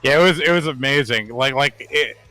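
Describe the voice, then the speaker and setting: A man co-hosting a podcast, recounting anecdotes in casual, animated chat full of "like" fillers. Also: mid-range voice, brisk, no echo, faint music behind. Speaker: podcast co-host.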